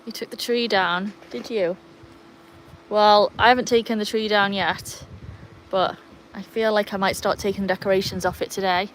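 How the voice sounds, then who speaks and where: Speaking at a moderate pace in a mid-range voice, an English woman chats through a casual livestream by a sunlit pool, reading viewer comments aloud and greeting them by name. She baby-talks and calls to her dogs too. The audio is poor, with a little hiss or hum.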